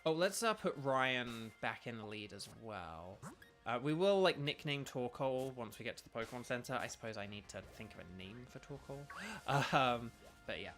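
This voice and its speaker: A man's voice: mid-range voice, expressive, moderate pace, a bit bright, soft background music. A young British man chatting casually while streaming a video game, rambling with lots of ums and restarts. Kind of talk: casual live-stream chat.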